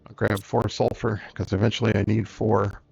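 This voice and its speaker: A man hosting a game let's-play, thinking aloud in an unhurried way as he plays. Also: on the low side, little pitch movement, creaky, a little mellow, breathy edge. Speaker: gaming channel host. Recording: dull lo-fi recording, faint music.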